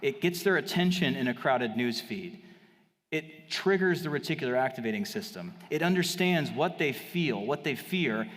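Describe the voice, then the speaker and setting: A man's voice: lively intonation, fairly bright tone, in a large hall. A man giving a confident, salesy marketing talk on stage at a live event. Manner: fast, salesy, confident pitching. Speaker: marketing speaker.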